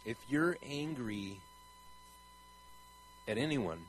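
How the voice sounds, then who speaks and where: A man's voice: fairly low pitch, wildly swooping pitch, normal speed, slight background noise, low-quality recording. Guy preaching like he's just talking, earnest, rambly, lots of "you know", voice jumps all over. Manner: earnest, questioning, rambling with many fillers. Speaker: traveling Christian preacher. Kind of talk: conversational preaching monologue.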